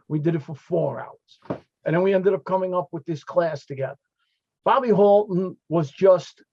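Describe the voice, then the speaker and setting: A fire captain speaking as a guest on a video call panel, paying heartfelt tribute to a late friend through stories. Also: male voice, high voice, dark tone, dry recording, dull audio. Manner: storytelling, heartfelt, quoting friends.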